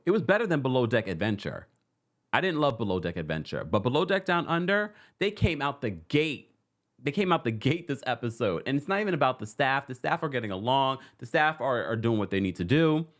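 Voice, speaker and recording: A man hosting a casual reality TV recap. He laughs often and acts out quotes from the show in put-on voices. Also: lowish voice. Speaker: host.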